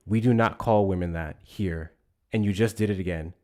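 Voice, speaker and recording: Low-voiced, blunt, swearing stream host. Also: male voice, moderate pace, darkish tone. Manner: blunt and argumentative, swears often, stumbles and repeats words. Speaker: host of a live call-in politics stream. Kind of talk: heated live-stream debate with callers.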